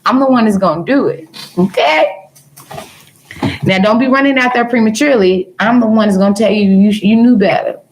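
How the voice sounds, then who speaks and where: Doing tarot readings live for viewers, this woman speaks fairly quickly in a fairly high, slightly mellow voice, though the audio is poor with slight background noise. She laughs a lot, teases people as girl and baby, and follows her jokes with sincere guidance.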